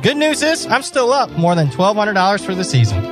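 A man on a betting panel states his results and line moves plainly and briefly. His voice sits high and swings widely in pitch. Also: wildly swooping pitch, brisk, over music. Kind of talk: casual betting recap.

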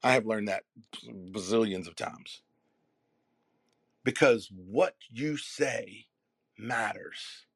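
A man's voice: lowish voice, fairly bright tone, dry recording. Emphatic man giving a motivational keynote. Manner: emphatic, preacher-like cadence with dramatic pauses and repeated phrases. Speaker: keynote speaker and messaging coach. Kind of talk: motivational keynote to a live audience.

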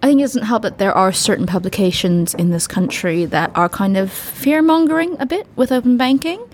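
A woman's voice: mid-range voice, animated, brisk, a little mellow, slight background noise. A woman from the United States on a panel, joking and sarcastic in tone. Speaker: panel guest. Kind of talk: casual panel discussion.

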